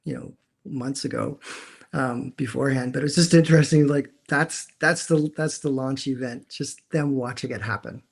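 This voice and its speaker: A man chatting over a video call from his dim room at home, mid-pitched and easygoing. He rambles through his stories and trips over his own words, restarting phrases again and again. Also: normal speed, creaky, husky. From Canada. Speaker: co-host. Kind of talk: casual chat.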